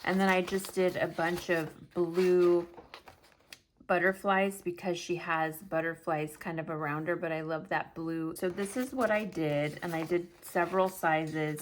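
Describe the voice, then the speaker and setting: Brief: middle-aged woman vlogger, lower pitch, chatty and animated, casual storytelling, faint hiss behind. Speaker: planner vlogger.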